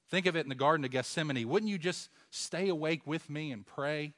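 A man preaching a sermon, asking rhetorical questions and swinging from a hush to loud emphasis. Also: fairly high pitch, brisk, few pauses.

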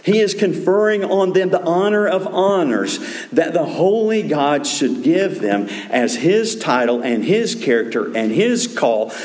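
A man preaching a sermon as pastor, earnest, dropping to a hush and then rising to emphatic calls. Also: fairly high pitch, roomy sound.

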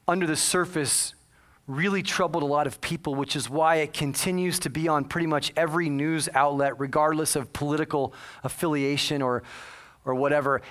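A man's voice: fairly high pitch, a bit bright. A man preaching a sermon, telling a story with earnest, dramatic delivery. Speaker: pastor.

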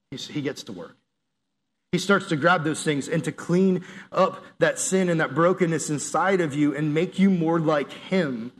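A man's voice: a little high, a little hiss or hum. A young man giving a conversational, earnest youth sermon, acting out inner voices and prayers. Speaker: youth pastor.

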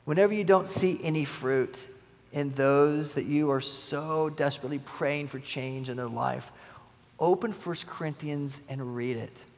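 A man's voice: on the high side, a little slow, a little mellow. A male pastor preaching a sermon in a church, earnest and conversational, with emphatic quoted lines. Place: church sanctuary. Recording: long church reverb.

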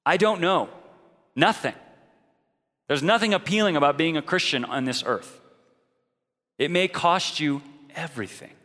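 A man's voice: a little high, measured pace, pauses often, pushed and bright. Man preaching in a reverberant hall. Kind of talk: sermon.

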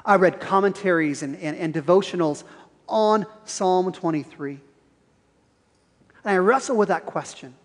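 High-voiced earnest preacher in a reverberant church. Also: male voice, a little slow, long pauses. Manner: earnest, probing questions, rising intensity. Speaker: pastor. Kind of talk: sermon.

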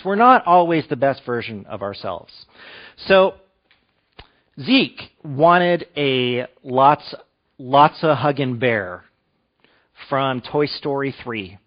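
Conversational pastor, muffled lo-fi recording. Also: male voice, medium pitch. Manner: conversational, asks the room questions. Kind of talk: sermon.

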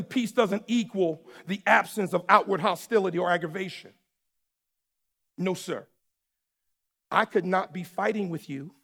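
A man preaching a sermon as pastor. He swings from shouted, emphatic lines to low, quiet asides. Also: vocal fry, in a large hall. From New York or New Jersey area.

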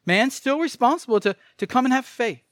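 A male preacher with a high voice delivers a sermon earnestly, pressing each point and repeating key phrases. The sound is dry and close, with no room echo. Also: animated, fairly quick, fairly bright tone.

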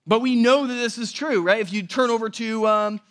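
A man preaching a sermon as pastor, conversational and animated, often checking in with the audience. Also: very high-pitched, fairly quick.

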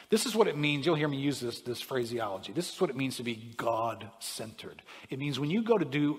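Preaching man, husky, in a reverberant hall. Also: medium pitch. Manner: preaching with emphatic rising and falling delivery, frequent "right?". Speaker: pastor. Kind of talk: sermon.

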